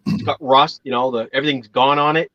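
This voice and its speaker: A man's voice: medium pitch, steady tone, brisk, a bit bright, no room sound, highs cut off. A man from Massachusetts chatting casually, rambling through stories and swearing now and then. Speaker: channel host. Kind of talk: casual chat.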